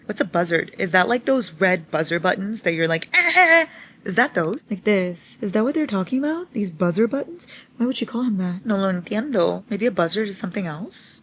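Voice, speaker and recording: Young woman reading vlog at home, kinda low voice, super excited, squeals and swears a lot, bit of noise behind. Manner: swearing, gushing, squealing bird calls. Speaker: book vlogger. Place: home with noisy household.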